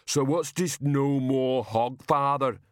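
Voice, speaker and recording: A huge, simple-minded brute of a man, as a man narrator puts him on speaks in a slow, heavy rumble, each word dragged out. The voice sounds a little farther from the mic than the narration around it, in a dry, close space. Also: dry recording, natural voice. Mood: puzzled.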